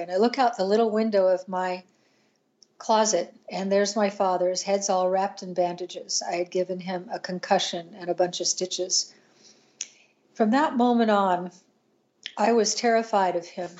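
An older woman, a podcast guest, tells a painful personal story in an earnest, halting way, with restarts and pauses. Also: medium pitch, fairly even intonation, darkish tone, muffled recording.

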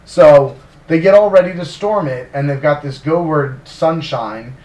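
A man's voice: a little high, measured pace. Man telling a story casually, roomy sound. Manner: animated, swearing, many fillers and sarcastic asides. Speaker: podcast co-host narrating history. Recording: roomy, distant mic.

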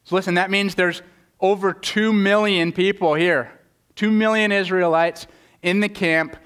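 A man's voice: sits high, fairly even intonation, unhurried, fairly bright tone, clear, resonant tone. A man preaching a sermon, earnest, often repeating words as he starts a thought. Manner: earnest, stammering repetitions, voices quoted speakers. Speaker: pastor.

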